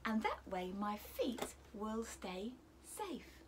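A woman's voice: medium pitch, big pitch swings, drawn-out words, a little hiss or hum. A woman voicing a stubborn little female giraffe in a children's story, sounding dismissive.

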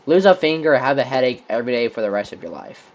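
A man's voice: medium pitch, animated, quick pace, highs cut off. Rambling young man thinking aloud. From Texas. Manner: rambling, thinking aloud with many likes and restarts. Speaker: channel host. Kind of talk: casual would-you-rather game commentary. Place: room with a squeaky chair.

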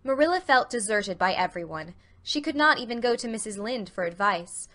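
A woman narrating a dramatic audiobook reading with clear, expressive storytelling. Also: fairly high pitch, moderate pace.

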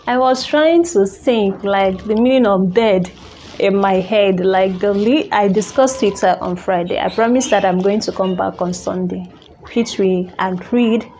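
Woman, personal story vlog, unhurried, halting with restarts, faint ambience behind. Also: mid-range voice, a little mellow, a little hiss or hum. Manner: halting, emotional, with many restarts. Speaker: vlogger.

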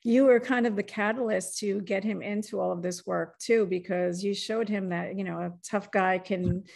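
A woman's voice: medium pitch, steady tone, moderate pace, gravelly, a little mellow. A woman hosting a podcast, talking in an enthusiastic, conversational way. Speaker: podcast host.

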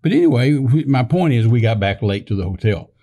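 An older man with a gravelly, mellow voice tells a long personal story in a loose conversational way. He rambles, restarts his sentences and slips into the voices of people he quotes. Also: mid-range voice, animated, brisk. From Texas. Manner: rambling, many fillers and restarts, acts out quoted dialogue. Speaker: minister telling a story on a podcast.

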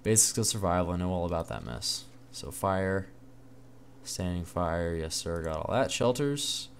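A man hosting a gaming channel, giving excitable let's-play commentary and talking to himself, recorded in a dark room at home at night. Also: deep voice, normal speed, slight background noise. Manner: excitable, exclaims often, talks to himself.

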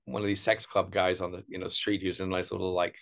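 A middle-aged American man telling stories as an interview guest, animated, putting on voices for the people he quotes. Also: low voice, fast. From United States. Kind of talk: casual storytelling interview.

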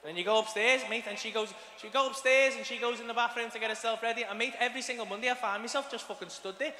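A man with a Liverpool accent does a crude, swearing stand-up set, acting out scenes as he goes. His voice sits high, and the live recording carries long hall reverb with the audience clearly heard behind him. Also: bright, forceful tone, a little hiss or hum. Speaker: stand-up comedian. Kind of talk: stand-up routine. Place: comedy club stage.

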